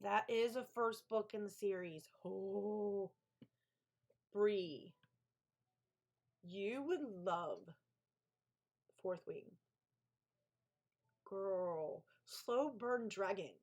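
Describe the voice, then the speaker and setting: A woman's voice: mid-range voice, drawn-out words, long pauses, a little mellow. A woman author hosting a co-working live stream, chatting casually, gushing and talking back to her chat.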